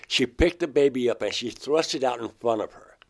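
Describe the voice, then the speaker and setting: An older man from Georgia, a guest in an interview, earnestly recounting personal experiences and acting out remembered dialogue with sudden loud outbursts. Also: medium pitch, brisk, creaky. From Georgia, USA.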